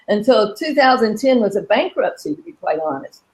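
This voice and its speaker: A woman's voice: fairly high pitch, animated, normal speed, a little mellow, rough recording. A middle-aged woman hosting a live coaching session, talking earnestly and walking listeners through a repeated affirmation exercise. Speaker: coach and host. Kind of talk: live coaching webinar talk.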